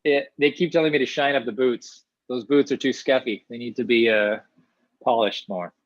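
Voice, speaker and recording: A man's voice: mid-range voice, no room sound. Chatty man from small-town Ontario. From small-town Ontario, Canada. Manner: chatty, animated, many restarts, quick asides. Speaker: actor guest. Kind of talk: casual interview answers. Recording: dull, dry lo-fi sound.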